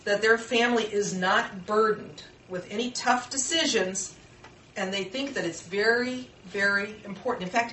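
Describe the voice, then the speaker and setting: A woman's voice: on the high side, fairly bright tone, a little hiss or hum. Middle-aged lady teaching a workshop, chatty and earnest, sounds far from the mic in a roomy space. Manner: earnest and conversational, with personal anecdotes. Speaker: workshop presenter. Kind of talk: informal classroom talk. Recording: echoey room, mic far off.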